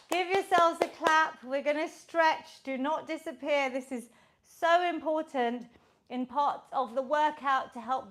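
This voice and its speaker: A woman's voice: sits high, low-quality recording. A woman leading a guided home workout class as a fitness instructor, coaching upbeat and encouraging and counting the reps aloud. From United Kingdom.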